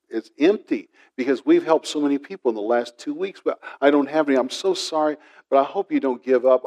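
A middle-aged man preaching a sermon, telling a personal story and acting out the voices in it. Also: on the high side. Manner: storytelling, animated with quoted voices. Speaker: pastor.

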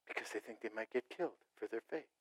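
A middle-aged man preaching a sermon to a congregation, animated, acting out short mocking voices and asides. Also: mid-range voice, fast, breathy edge, poor audio. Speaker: pastor.

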